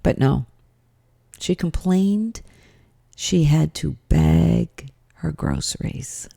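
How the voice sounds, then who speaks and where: A woman hosting a podcast, recounting a story with emphatic exasperation. Her voice sits low and mellow in a dry, close recording. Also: vocal fry, no room sound. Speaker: podcast host. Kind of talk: storytelling monologue.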